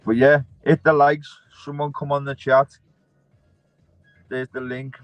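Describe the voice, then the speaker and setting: A man's voice: mid-range voice, flat delivery, measured pace, no echo, faint music behind, low-quality recording. A man hosting a livestream, chatting casually and bluntly, swearing and calling everyone lad. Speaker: livestream host.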